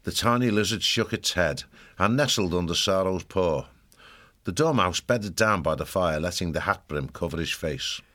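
A man reads a storybook aloud in steady, measured narration. His voice is very deep and low. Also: no room sound, studio quality. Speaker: audiobook narrator. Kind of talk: scripted audiobook narration.

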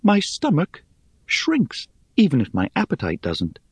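A man's voice: fairly high pitch, huge pitch swings, a little slow, breathy edge, no echo, voice pushed up, full character voice. A man voicing an ancient female spider in a small, airy voice, wry, teasing and superior, in a storybook reading.

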